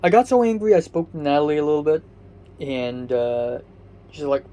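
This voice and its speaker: A man's voice: on the high side, very animated, moderate pace, dark tone, muffled recording. A young man from Hong Kong ranting angrily and sleepily, swearing constantly and restarting his sentences. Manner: swears constantly, angry and exasperated, rambling with restarts. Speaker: vlogger. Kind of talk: profane personal rant.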